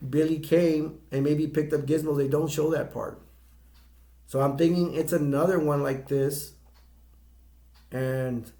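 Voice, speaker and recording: A middle-aged man giving a casual, rambling movie review, halting often and restarting his sentences. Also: fairly high pitch, darkish tone.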